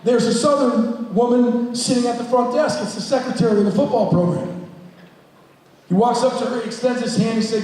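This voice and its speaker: Man, high voice, school counselor, motivational talk, plain-spoken, booming hall echo. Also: fairly even intonation, fairly quick, a little mellow. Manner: plain-spoken, addresses the audience directly. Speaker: school guidance counselor and coach. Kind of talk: motivational storytelling talk to students. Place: large school hall with an audience. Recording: echoey hall, voice from far off.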